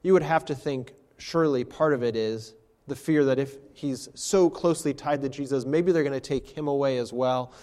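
A man's voice: medium pitch, normal speed, a little mellow, long reverb tail. A man, a pastor, preaching an expository sermon with rhetorical questions.

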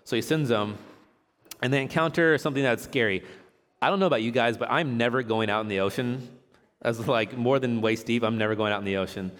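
A man's voice: mid-range voice, a little fast. A man giving a casual, chatty sermon, reading scripture aloud and joking with a laugh as he teaches. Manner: relaxed, chatty, jokes and laughs while teaching. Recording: long hall reverb.

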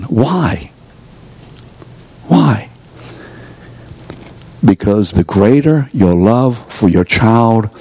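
A man's voice: mid-range voice, warm tone, husky, no echo. A man preaching to a live audience in a room, pressing them with rhetorical questions and coaxing them to answer. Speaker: preacher teaching a course. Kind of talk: sermon.

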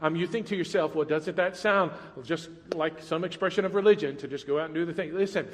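A male pastor with a notably high voice delivers an animated sermon, moving from loud, dramatic passages to quiet, intimate asides. His words carry a long reverb in a large hall. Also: brisk.

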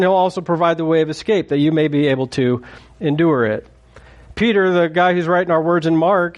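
A man preaching a sermon in a conversational, joking way, acting out quotes as he goes. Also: high-pitched. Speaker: pastor.

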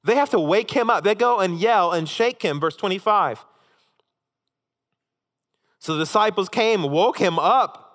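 A pastor preaching with animated, emphatic storytelling. His voice sits on the higher side for a man. A long reverb trails every phrase, as in a large hall. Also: a little slow, long pauses. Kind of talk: sermon.

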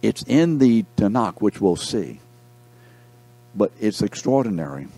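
Male Bible teacher, low mellow voice, reads scripture and quizzes the room, faint hum behind. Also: big pitch swings, a little slow, slightly rough, dry recording. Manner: reads scripture aloud, breaks off to quiz the class; repeats key words for emphasis. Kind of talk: classroom Bible lesson.

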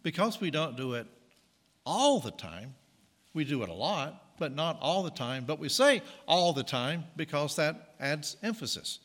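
A man's voice: on the high side, very animated, a little slow, fairly bright tone, long reverb tail. A man preaching a conversational sermon, correcting himself and adding jokey asides. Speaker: pastor.

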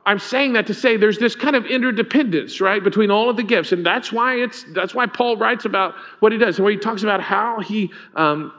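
A man's voice: high voice, fairly quick, hardly any pauses, fairly bright tone. A man preaching a conversational sermon as pastor, speaking informally and often asking the congregation questions. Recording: dull lo-fi sound.

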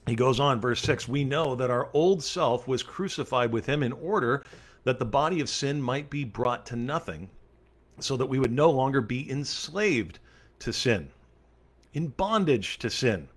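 A man's voice: medium pitch, lively intonation, measured pace. A male pastor leading a Bible study, reading scripture aloud and then explaining it earnestly and emphatically, with casual fillers along the way.

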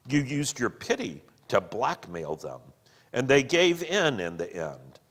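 Man doing a soft heavenly lady, pleading, slow and earnest, big echoey hall. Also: medium pitch, very animated. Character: gentle, radiant heavenly woman pleading with her husband. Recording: long hall reverb.

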